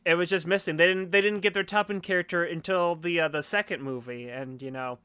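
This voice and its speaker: A man's voice: sits high, a little fast, pushed and bright, clear, resonant tone, no echo. A young man hosting a podcast, chatting casually and joking, sometimes acting out characters in a raised voice. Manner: jokey, acts out characters in raised voice. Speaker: podcast host. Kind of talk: casual chat.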